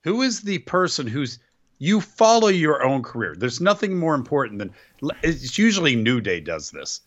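A man's voice: a little high, very animated, moderate pace, dull audio. A man co-hosting a wrestling podcast, giving strong opinions and repeating points for stress. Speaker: podcast co-host. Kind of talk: casual wrestling chat.

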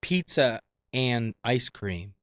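A man's voice: mid-range voice, expressive, takes it slowly, fairly bright tone, dry recording, muffled recording. A man from Italy, a comedian guest, chatting easily and laughing often. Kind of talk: casual chat.

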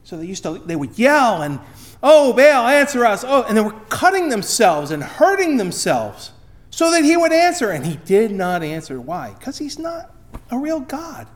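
A pastor preaching a sermon, emphatic, his voice swinging between loud and quiet. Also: sits high, huge pitch swings, moderate pace.

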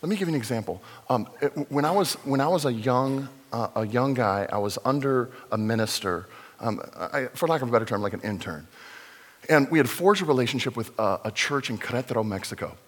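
A middle-aged man preaching a sermon as pastor, in a conversational, animated storytelling manner. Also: mid-range voice, fairly quick. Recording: long reverb of a large hall.

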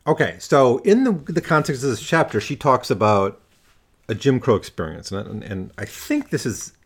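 A man delivering a literature lecture in an unscripted, thinking-aloud way. His voice moves with a wide, animated pitch range while the pitch itself stays in the middle. He often restarts phrases before carrying on. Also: moderate pace, husky.

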